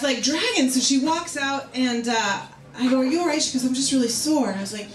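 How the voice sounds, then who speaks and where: A woman in her thirties doing a stand-up comedy set in a bar, telling bawdy stories with animated, acted-out quotes. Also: sits high, a little fast, a crowd in the background. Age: 30s. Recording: echoey club with loud noise. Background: audience laughter.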